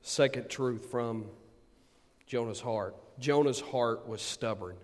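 A man preaching a sermon, swinging from booming emphasis to quiet asides. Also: takes it slowly. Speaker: pastor. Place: church sanctuary. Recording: long hall reverb.

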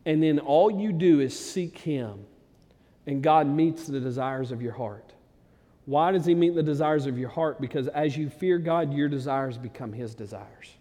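Excited preacher in a reverberant hall. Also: male voice, fairly high pitch, unhurried. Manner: conversational preaching that swells to loud, excited climaxes. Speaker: pastor. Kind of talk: sermon.

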